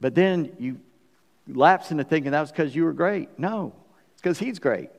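A man preaches a sermon in a church sanctuary, his voice set a little higher than most men's. He asks the congregation rhetorical questions and acts out small stories as he goes. A long hall reverb trails after his words. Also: lively intonation, moderate pace, gravelly. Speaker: pastor.

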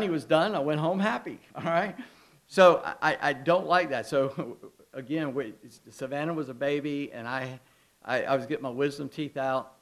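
Folksy preacher telling stories. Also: male voice, fairly high pitch, fairly bright tone. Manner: folksy, self-deprecating humor, frequent asides. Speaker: pastor. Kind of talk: conversational sermon with personal anecdotes.

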